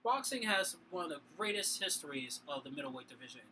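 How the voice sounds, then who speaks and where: A man's voice: fairly high pitch, sing-song, fast, sharp tone, slight background noise, rough recording. A tipsy man with a Boston accent co-hosting a casual sports talk show, rambling with many fillers and restarts. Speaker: podcast co-host.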